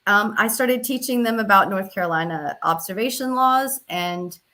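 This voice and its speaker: A woman's voice: medium pitch, expressive, moderate pace, bright, forceful tone. A woman advocate for election observation, telling her story earnestly in an interview. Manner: earnest, recounts events with quoted dialogue.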